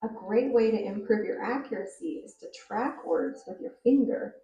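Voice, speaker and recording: A woman teacher explaining reading fluency in a clear, measured way and reading a story aloud to show it. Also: mid-range voice, dark tone, lo-fi sound. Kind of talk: reading instruction with read-aloud demos. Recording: roomy, distant recording.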